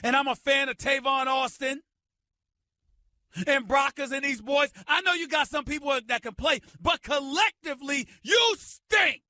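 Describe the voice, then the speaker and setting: A middle-aged man hosting a sports radio show, ranting loudly and emphatically into a studio microphone. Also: very high voice, a little slow, dry recording. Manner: loud, emphatic, shouting tirade.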